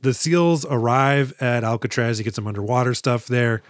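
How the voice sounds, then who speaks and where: A man's voice: medium pitch, normal speed, no room sound. Joking man reviewing a movie, dry sound. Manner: rambling, jokey, acts out lines from the movie. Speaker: podcast co-host. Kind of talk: casual movie review chat.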